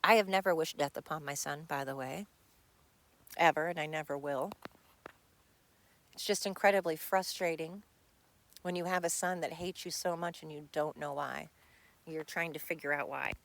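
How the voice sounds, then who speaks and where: A woman's voice: low-pitched, normal speed, creaky, pauses often, fairly bright tone. A middle-aged woman hosting a podcast from home, talking bluntly and with frustration in a personal monologue, swearing freely. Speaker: podcast host. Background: dog nearby.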